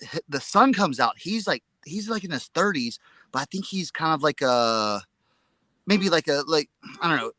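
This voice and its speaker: A man co-hosting a casual live chat, telling a story in an excitable, rambling way and repeating his words. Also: a little high, no room sound. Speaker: reseller show co-host.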